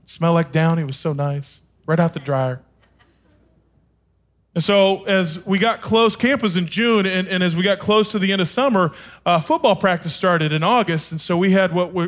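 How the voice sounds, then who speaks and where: A man with a notably high voice preaches from a stage. He tells his own story with animated, self-deprecating humor and pokes fun at himself as he goes. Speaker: speaker. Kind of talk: sermon with personal storytelling.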